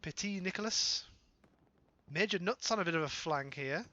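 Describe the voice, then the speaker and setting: A British man giving live play-by-play commentary on an online shooter match, playful, with joking asides and quick self-corrections. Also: sits high, expressive, sharp tone, no echo, highs cut off. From Britain. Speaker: esports caster.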